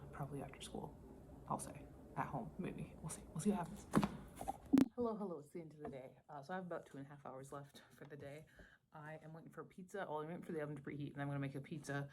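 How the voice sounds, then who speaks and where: Chatty low-voiced woman vlogging at home. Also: background noise. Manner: chatty, rambling, with fillers. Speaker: teacher and book vlogger. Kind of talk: casual reading vlog.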